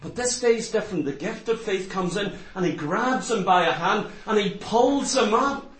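Male preacher, high voice, fervent sermon, picked up from afar with room echo. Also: expressive, normal speed, a bit bright. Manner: fervent, asks rhetorical questions. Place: church hall. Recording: roomy echo, distant mic.

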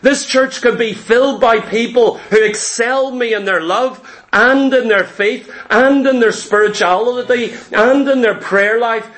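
Man, high-pitched voice, pastor preaching a sermon, emphatic, rhetorical questions, stumbles over the first words of phrases. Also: a bit bright. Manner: repeats words when starting phrases.

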